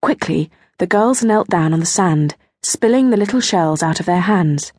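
A woman narrating a children's storybook in a gentle, expressive way, slowing down on small details. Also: on the low side, husky, no room sound. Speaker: audiobook narrator.

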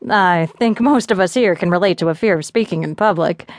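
Woman reading as a confident male boss, measured and assured, low voice, dry close sound. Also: no echo, lightly acted. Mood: encouraging. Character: confident male boss addressing his lab team.

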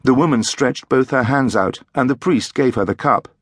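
A man narrating a mystery audiobook in an expressive, dramatic storytelling manner. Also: medium pitch, normal speed, no echo, studio quality.

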